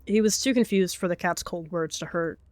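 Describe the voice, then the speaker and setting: A woman calmly narrating a game role-play as a story. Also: on the low side, a little fast, no room sound.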